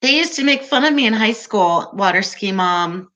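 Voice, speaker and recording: A woman hosting a casual livestream, chatting with viewers in a soft, calming voice and an unhurried, giggly way. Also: medium pitch, lo-fi sound. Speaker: livestream host.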